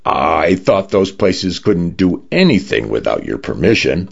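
A man's voice: deep voice, very animated, measured pace, vocal fry, slightly rough, dull audio, full character voice. A man voicing an irritated, unhelpful police officer who speaks curtly and dismissively. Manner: curt, dismissive.

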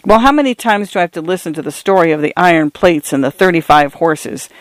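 Irritable father figure, read by a man, curt, quick, fairly high voice, dry recording. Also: lively intonation, no room sound, natural voice. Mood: angry. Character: stern irritable grown ranch father.

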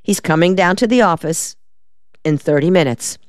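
A woman reading the part of a quick-witted, sassy young female secretary in an audiobook, with a wry drawl. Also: fairly low pitch, smooth, dry recording, clean studio sound, natural voice.

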